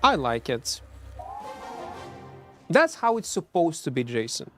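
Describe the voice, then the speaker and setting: A man streams a game in non-native English, chatting casually, mocking himself, answering chat and humming between plays. His voice is a little high with big pitch swings, slow and a bit bright, over soft background music.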